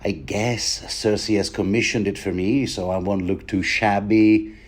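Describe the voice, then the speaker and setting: A dreamy, naive teenage girl musing aloud about herself, as a man puts her on. The voice sits a bit higher than his own deep tone and floats along in a wondering, self-questioning way. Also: fairly even intonation, measured pace.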